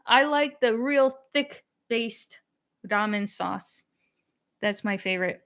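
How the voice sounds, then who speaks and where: A woman's voice: on the high side, slow pace, long pauses, fairly bright tone. A young woman hosting a language-learning channel, chatting casually on a live stream and answering comments. She is candid, laughs often and slips into Chinese phrases.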